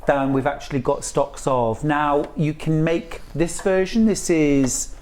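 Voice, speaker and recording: A woman's voice: deep voice, steady tone, measured pace, a little mellow. A woman presenting a live craft shopping broadcast, chatty and enthusiastic as she reads out viewer messages. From United Kingdom.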